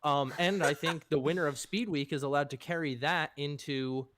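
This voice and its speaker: Man talking fast with stumbling restarts. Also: a little high, steady tone, fairly bright tone, no echo. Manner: quick, stumbling speech with restarts. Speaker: racing podcast participant. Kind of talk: casual chat.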